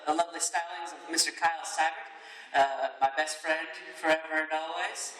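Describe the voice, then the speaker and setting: A man's voice: fairly high pitch, a little fast, very noisy. A man who makes online videos, chatting casually and jokingly, laughing often. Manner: animated, jokey, laughs often. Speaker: video creator. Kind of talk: casual chat at a festival. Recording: echoey hall from far off. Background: crowd chatter.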